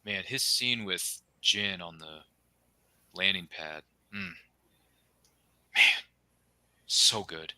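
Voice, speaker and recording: A young man co-hosting a casual fan podcast, gushing with enthusiasm and tossing in quick asides and pop-culture jokes. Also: sits low, sharp tone, smooth, no room sound. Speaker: podcast co-host.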